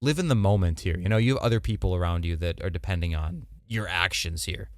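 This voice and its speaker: A man co-hosting a podcast, chatting casually and animatedly, swearing and slipping into quick mock voices. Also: low-pitched, no room sound, studio quality. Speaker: podcast co-host. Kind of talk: casual chat.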